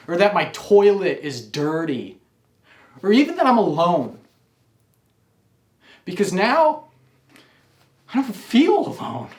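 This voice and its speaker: A man's voice: high-pitched, reverberant. A man telling a wry, confessional personal story.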